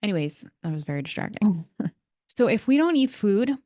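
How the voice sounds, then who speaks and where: A woman's voice: mid-range voice, very animated, moderate pace, dark tone, no echo, clean studio sound. A woman hosting a casual solo podcast, explaining breathing in a chatty way with asides and small laughs, speaking into a computer mic. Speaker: podcast host and breathwork practitioner.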